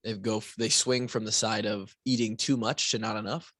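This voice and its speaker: A fitness coach hosts his podcast solo in a low-ish, slightly bright voice with fairly even intonation, normal speed and no echo. He talks casually, with restarts, asides and frequent "right?", sounding a bit tired and yawning.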